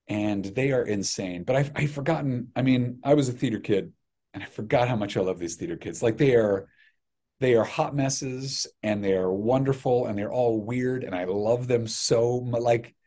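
A middle-aged man chats easily as a podcast guest, his voice sitting in an ordinary middle range. He tells his stories in an animated, self-deprecating way, often restarting his sentences. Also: medium pitch, normal speed. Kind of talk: casual chat.

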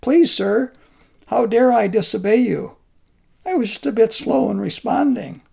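A man voicing a humble monk, pleading earnestly in a gravelly voice. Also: high-pitched, lively intonation, a little slow, mellow, pitched above the performer's own voice, heavily acted. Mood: submissive. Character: humble pleading middle-aged male monk.

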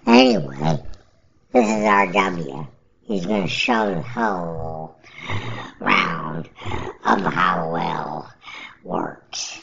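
A woman's voice: very deep voice, sing-song, slow pace, vocal fry, long pauses, a bit bright, slightly rough. A woman in a casual rant to camera, rambling and repeating herself as she complains with indignation. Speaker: vlogger. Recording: dull lo-fi recording.

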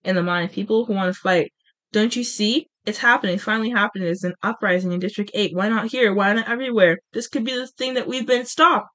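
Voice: medium pitch, fairly even intonation, fast, pushed and bright, natural voice. Brief: a podcast reader doing a fierce young hunter, urgent and pressing. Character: intense young male hunter, rebellious.

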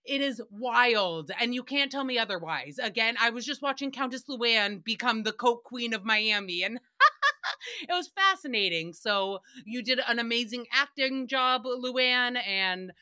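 Young woman host, slightly high and bright, gossipy, sweary casual rant. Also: normal speed, hardly any pauses. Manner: profane, gossipy and animated. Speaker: podcast host.

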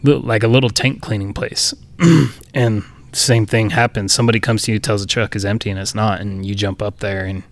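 Low-voiced man telling a loose, profane story. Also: steady tone, moderate pace. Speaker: podcast co-host. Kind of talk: casual storytelling chat.

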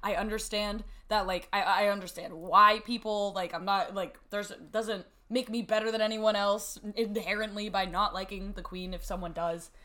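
A young woman with a bright, forward voice talks casually as a podcast host. She is blunt and swears freely. She laughs often and reads messages aloud in mocking tones. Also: mid-range voice, fairly even intonation, normal speed, hardly any pauses. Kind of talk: casual chat.

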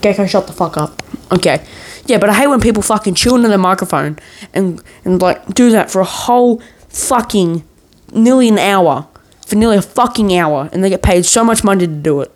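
A man's voice: sits high, fairly quick. A man in a worked-up, profane ranting monologue, swearing nearly every sentence as a vlogger.

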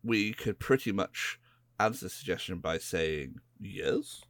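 A man's voice: low-pitched, animated, a little slow, a bit bright, no room sound, clean studio sound. A man with an English West Country accent, co-hosting a podcast in laid-back, rambling casual chat. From England. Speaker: podcast co-host.

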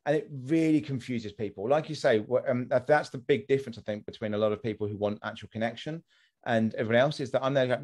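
A man, a streamer guest in a casual podcast conversation, talking in an animated way, swearing freely and restarting his sentences. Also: mid-range voice, quick pace.

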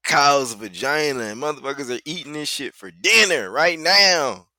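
A man's voice: fairly high pitch, expressive, normal speed, pushed and bright. A man co-hosting a podcast, telling profane stories with a lot of laughter in casual chat. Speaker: podcast co-host.

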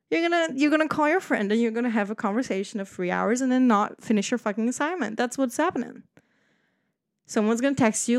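Animated, swearing young woman. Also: fairly high pitch, fairly quick. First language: Dutch. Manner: animated, profane, rambling and laughing. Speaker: podcast host. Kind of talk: casual solo chat.

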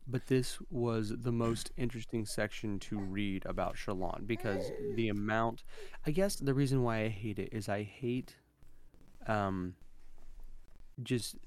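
A man giving his opinions in a casual book discussion, with dry, wry asides and a halting delivery. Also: lowish voice, a crowd in the background. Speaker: podcast co-host.

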